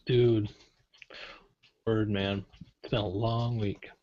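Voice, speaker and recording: A man co-hosting a podcast in casual pre-show banter, laid-back and quick to laugh. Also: lowish voice, level tone. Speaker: podcast co-host. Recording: dry dull lo-fi audio.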